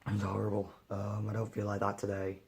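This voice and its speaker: A young man with a cold, sniffly and a bit hoarse, talking tiredly through a casual daily vlog with lots of fillers. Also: lowish voice, monotone, a little fast, a little mellow. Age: young adult. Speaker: vlogger.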